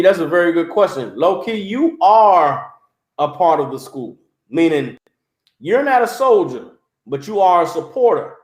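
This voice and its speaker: High-voiced man preaching. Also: roomy sound. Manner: animated, mocking, repeats "You understand?". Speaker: religious teacher. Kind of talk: livestreamed preaching.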